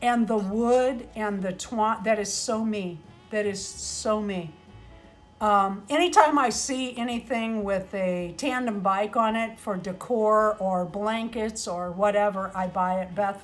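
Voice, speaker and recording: A middle-aged woman opening handmade doll gifts on a casual vlog, gushing and exclaiming often, sometimes flustered and choked up. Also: mid-range voice.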